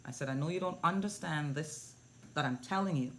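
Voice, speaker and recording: A woman parenting coach telling a story to camera in an earnest, repetitive way, lifting into a high sing-song when she repeats her affirmations. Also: brisk, a little hiss or hum. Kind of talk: motivational talk to camera.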